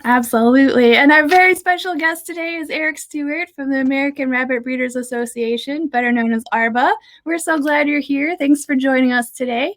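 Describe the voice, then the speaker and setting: A woman hosting a casual conversation, bubbly and quick to laugh at her own puns. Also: sits high, fairly bright tone. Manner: bubbly, punning, laughs often. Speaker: host, communications manager. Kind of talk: casual hosted chat.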